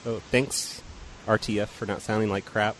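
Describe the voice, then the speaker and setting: A man's voice: lowish voice, fairly even intonation, normal speed, a little hiss or hum, poor audio. A man hosting a casual call-in show, joking with callers and laughing often. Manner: easygoing, teasing, laughs often. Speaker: show host.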